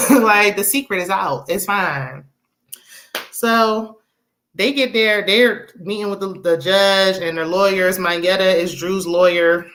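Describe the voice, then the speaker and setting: A young woman, casually recapping a movie with laughs and quick asides. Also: mid-range voice. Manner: chatty, animated retelling with laughs and acted-out quotes. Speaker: movie review host.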